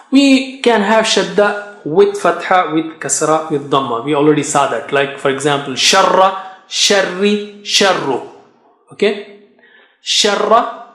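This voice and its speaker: Slow, high-voiced man teaching in an echoey room. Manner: slow, patient, repeats drill syllables with emphasis. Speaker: Quran recitation teacher. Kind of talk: classroom tajweed lesson.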